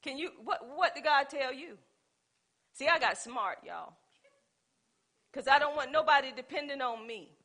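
A woman's voice: high voice, moderate pace, pauses often. A woman preaching a sermon in a conversational, storytelling way, speaking. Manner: animated, conversational, with dialect and storytelling.

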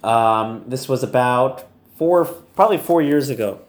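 A man's voice: medium pitch, unhurried, echoey room. A man teaching an online Torah lesson in a casual, chatty storytelling manner, laughing easily.

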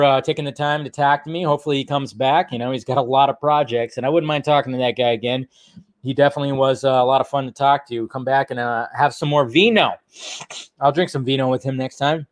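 A man's voice: mid-range voice, dry recording, studio quality. A man hosting a casual livestream, rambling and laughing as he wraps up the show. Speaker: livestream host.

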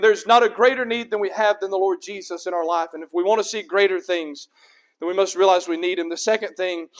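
Male preacher with a very high voice, sermon delivery full of rhetorical questions. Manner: preaching with rising and falling emphasis, rhetorical questions. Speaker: pastor.

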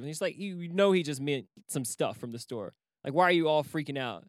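A man's voice: medium pitch, animated, fast, hardly any pauses, no echo, studio quality. A man co-hosting a casual podcast chat, rambling, swearing freely and laughing often. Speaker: podcast co-host.

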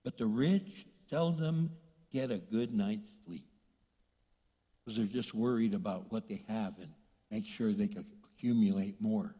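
A male pastor preaching a sermon, animated, asking rhetorical questions and acting out voices. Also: on the low side, a little slow, breathy edge, in a large hall.

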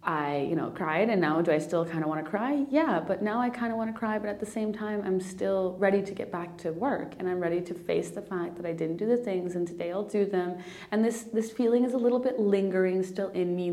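A woman's voice: on the low side, dark tone. A woman hosting a personal spiritual podcast, talking earnestly and emotionally, near tears, often restarting and repeating phrases. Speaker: podcast host.

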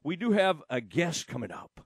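A man's voice: a little high, big pitch swings, normal speed, breathy edge, no echo. A man hosting a radio show, chatting casually and teasing his co-host with lots of questions.

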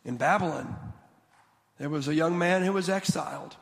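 A man preaching a sermon as a guest speaker in a church, animated and quick to restart his sentences. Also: fairly high pitch, vocal fry, big-room sound. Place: church sanctuary.

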